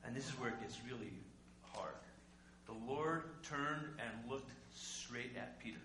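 A male pastor preaching a sermon conversationally, asking rhetorical questions and swinging between loud and quiet. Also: mid-range voice, unhurried. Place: church sanctuary. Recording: echoey room with faint hum.

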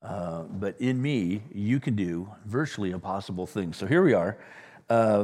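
A man from Southern California preaching a sermon as pastor, joking, with sudden loud bursts and quiet asides. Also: lowish voice, lively intonation, normal speed. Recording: long hall reverb.

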